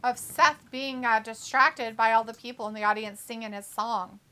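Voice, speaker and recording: A woman with a fairly high, bright and forceful voice co-hosts a live stream in relaxed chat. She reads viewer messages aloud and answers them in a chatty way. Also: moderate pace. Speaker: co-host of a wrestling watch-along stream.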